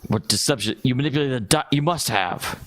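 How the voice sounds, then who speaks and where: A man's voice: medium pitch, quick pace. A man hosting a let's play, giving casual, joking commentary to his viewers as he plays. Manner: animated, joking, talking to viewers.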